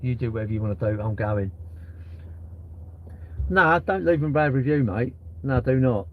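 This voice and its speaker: A man's voice: mid-range voice, lively intonation, normal speed, slight background noise. Chatty, swearing man. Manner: chatty, rambling, swears freely. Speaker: livestreamer. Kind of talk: casual live-stream chat. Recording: dull, lo-fi live-stream audio.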